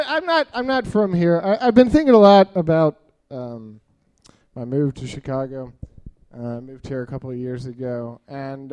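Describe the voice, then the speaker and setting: Stand-up comic, man, early 30s, high voice, rambling and self-deprecating delivery. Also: darkish tone, clean tone. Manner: rambling, self-deprecating, many filler uhs. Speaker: stand-up comedian. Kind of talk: stand-up storytelling.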